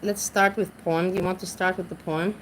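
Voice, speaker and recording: Rambling low-voiced woman streamer. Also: steady tone, fairly quick, a little hiss or hum, poor audio. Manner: rambling, searches for words, restarts often. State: intoxicated. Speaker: livestreamer reading chat. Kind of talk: casual livestream chat.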